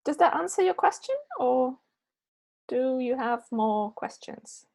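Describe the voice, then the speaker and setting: This teacher's voice is high and expressive, yet dark in tone, with vocal fry and a slow delivery. She's a woman who teaches English, responding to chat questions after an online lesson through a meeting microphone. Patiently, she makes sure each answer lands, checking in with "yeah?" and "okay?".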